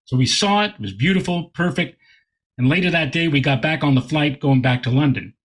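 A male astronomer, a guest in an interview, tells a lively anecdote and often repeats words when he gets excited. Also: a little high, fairly quick, slightly rough. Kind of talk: animated anecdote in conversation.

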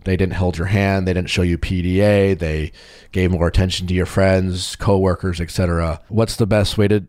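Guy hosting a podcast, lowish voice, kinda halting and thinking out loud, dry mic. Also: little pitch movement, no echo. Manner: reflective, halting, with fillers. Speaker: podcast host. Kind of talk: podcast conversation.

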